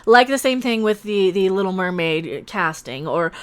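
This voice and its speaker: A woman's voice: medium pitch, expressive, moderate pace, clean tone. A woman hosting a casual livestream, sarcastically reading out and answering comments in a rambling way with many restarts. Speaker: livestream host reading chat.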